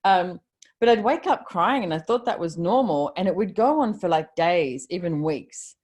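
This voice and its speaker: A woman with a low voice talks casually and gives motivational advice over a video call. She is chatty and offhand, quotes her own thoughts aloud and lets a swear word slip. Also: lively intonation, normal speed, a little mellow. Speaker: host of a live video call.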